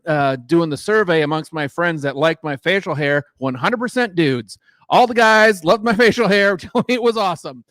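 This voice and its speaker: A man's voice: high-pitched, a bit bright, dry recording, studio quality. A middle-aged man doing a crude, rambling stand-up set who laughs at his own jokes, on a mic in a small garage room. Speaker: stand-up comedian. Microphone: microphone in a garage.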